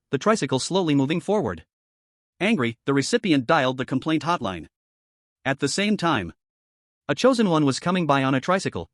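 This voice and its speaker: A man narrating a recap story in an even, read-aloud delivery. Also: fairly high pitch, no echo, clean studio sound.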